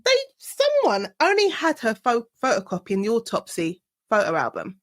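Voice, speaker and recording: Woman, podcast host, animated pitch, laughs a lot, dry close sound. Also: normal speed, no room sound. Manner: animated, laughs often while telling anecdotes. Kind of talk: casual interview chat.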